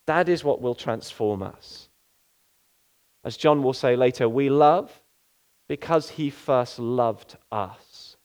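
A man's voice: mid-range voice, takes it slowly, darkish tone. A male pastor giving an earnest sermon, often asking rhetorical questions.

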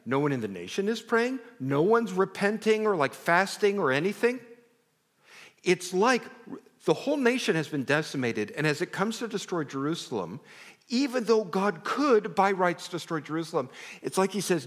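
Male preacher, slightly high voice, lively swooping delivery, conversational sermon, long church reverb. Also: moderate pace. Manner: animated, conversational, self-interrupting, drops to near whisper. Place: church sanctuary.

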